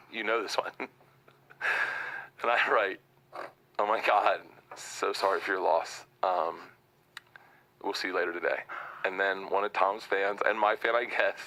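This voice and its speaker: A man telling a long story on a podcast, rambling and animated, swearing a lot. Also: deep voice, normal speed, long pauses. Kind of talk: casual storytelling. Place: bar or pub room. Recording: roomy, distant mic, background noise.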